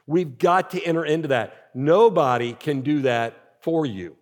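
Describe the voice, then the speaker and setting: A male senior pastor with a notably high voice, preaching to his congregation in an easy, conversational way. He keeps asking rhetorical questions. His voice rings out with a long reverb tail from the church auditorium. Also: a little slow. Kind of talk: sermon.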